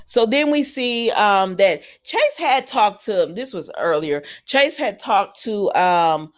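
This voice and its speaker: Woman doing a rambly soap recap, chatty, lots of ums, mid pitch, tosses in little asides. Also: lively intonation, a little hiss or hum. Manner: paraphrases characters' lines with quick asides. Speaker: soap opera recap host. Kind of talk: casual episode recap.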